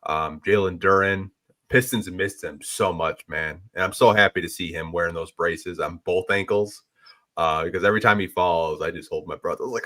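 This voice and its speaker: Low-voiced man chatting on a sports podcast. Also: steady tone, moderate pace, sharp tone. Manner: laid-back, rambling, lots of "like" and "dude". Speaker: podcast co-host. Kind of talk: casual sports podcast chat.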